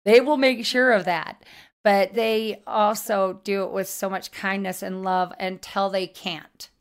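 A woman psychic guest in casual chat, telling stories in a lively way and acting out what people said. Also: medium pitch, unhurried, clean tone. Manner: lively storyteller, acts out quotes.

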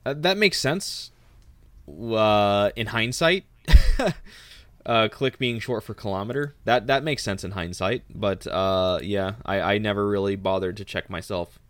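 A man's voice: fairly low pitch, unhurried, fairly bright tone, dry recording. A man from Texas co-hosting a podcast, summarizing a book casually, easygoing, with stammering restarts. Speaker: podcast co-host.

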